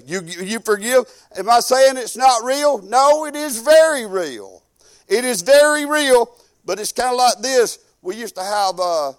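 A high-voiced man preaching from the pulpit. He talks in a folksy, homespun way. He moves from loud, pressing exhortation to low, quiet asides. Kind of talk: sermon.

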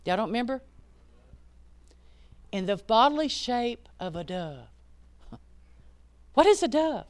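A woman preaching a sermon, rising to loud emphatic peaks and dropping to hushed asides. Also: on the high side, big pitch swings, slow pace.

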